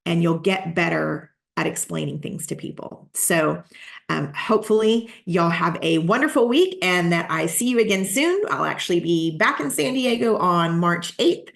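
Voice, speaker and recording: A woman's voice: fairly low pitch, sing-song, moderate pace, gravelly, fairly bright tone. A woman real estate coach giving a live online coaching session, practical and repeating her key points for emphasis, over a video call.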